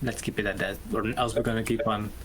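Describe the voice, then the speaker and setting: A man in a casual podcast chat, calmly reasoning and trying to settle the argument. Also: lowish voice, quick pace, background noise. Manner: calm, reasoning, moderating.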